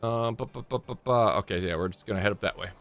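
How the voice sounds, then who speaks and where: Bright-voiced man chatting while gaming. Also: on the low side, fast talker, vocal fry, faint music behind. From Michigan. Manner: rambling, talks to chat while playing. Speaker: streamer. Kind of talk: casual livestream gaming chat.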